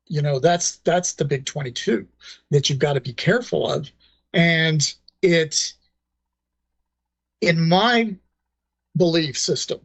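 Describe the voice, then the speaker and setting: A man being interviewed, explaining things in a measured way with frequent fillers. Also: on the high side, dry recording, muffled recording. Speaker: guest, former ranger and paranormal researcher. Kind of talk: casual interview talk.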